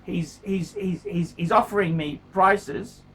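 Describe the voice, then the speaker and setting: A man's voice: high-pitched, takes it slowly, fairly bright tone, breathy edge. A middle-aged man, talking casually to camera in a blunt, profane way and often repeating himself. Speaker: watch collector vlogger.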